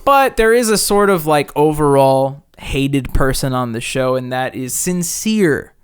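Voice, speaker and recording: A man from New York City co-hosting a podcast, telling gossip in a casual chat, animated and heavy on "like.". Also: mid-range voice, measured pace, smooth. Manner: animated storyteller, frequent "like" fillers. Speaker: podcast co-host.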